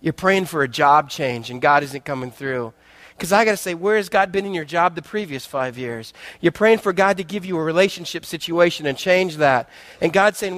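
A man's voice: a little high, a little fast, a bit bright, no room sound. A man preaching a sermon as a guest speaker, telling a parable with acted-out voices and joking with the congregation. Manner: storytelling, acts out parable voices, jokes with congregation.

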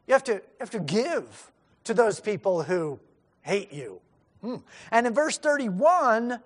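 A man preaching a sermon, driving home his points with emphatic rhetorical questions. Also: high-pitched. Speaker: pastor.

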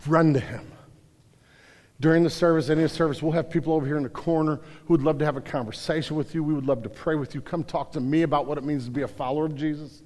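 A man's voice: a little high, fairly even intonation, fast talker, a little mellow. A man preaching a passionate sermon to a congregation, building to emphatic peaks. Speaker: pastor. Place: church sanctuary. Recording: hall reverb.

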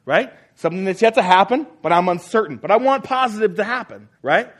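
A man's voice: high voice, expressive, brisk. A man preaching a sermon as pastor, emphatic and repeating key phrases, often asking the congregation questions.

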